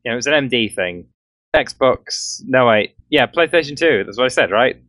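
A mid-pitched man co-hosts a casual podcast. He rambles through his stories with lots of filler words. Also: animated, moderate pace, a bit bright, dry recording. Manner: rambling, chatty, with frequent "like". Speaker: podcast co-host. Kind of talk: casual group podcast chat.

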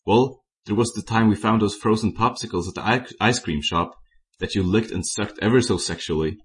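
A man doing a deep teasing zombie smoker. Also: moderate pace, close to an everyday voice. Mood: annoyed. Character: tall brooding male zombie smoker, teasing.

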